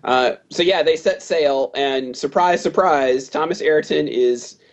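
A man's voice: fairly high pitch, a little slow, highs cut off. A man co-hosting a casual movie podcast, recapping the plot and playfully acting out characters' lines in a raised voice. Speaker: podcast co-host.

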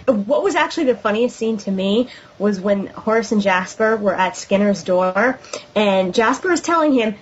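A woman's voice: medium pitch, normal speed. A woman co-hosting a podcast, talking about a movie with easy enthusiasm. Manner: laughs easily, enthusiastic. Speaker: podcast co-host. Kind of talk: casual movie discussion. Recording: lo-fi with faint noise.

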